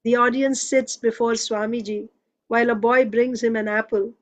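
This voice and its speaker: Woman reading aloud, fairly high voice. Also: fairly even intonation, moderate pace. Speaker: reader.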